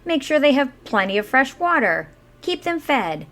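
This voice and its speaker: A woman voicing an impatient, bossy pig farmer who talks in a brisk, raised voice. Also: high voice, very animated, fairly bright tone, voice pushed up, exaggerated voice. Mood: upbeat.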